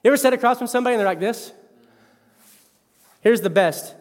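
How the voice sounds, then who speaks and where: A man in his thirties preaching a sermon as pastor, animated and conversational, with self-mocking asides. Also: very high voice, fast, long reverb tail.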